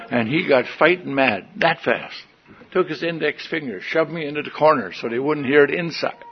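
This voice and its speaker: Older man, gravelly voice, folksy humorous testimony, meeting hall, dull lo-fi recording. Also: mid-range voice, moderate pace. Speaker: recovery meeting speaker. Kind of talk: personal testimony storytelling.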